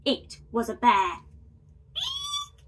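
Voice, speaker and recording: A woman hosting a children's story channel, reading aloud in a gentle, expressive way. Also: on the high side, takes it slowly, noisy background. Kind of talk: children's read-aloud narration.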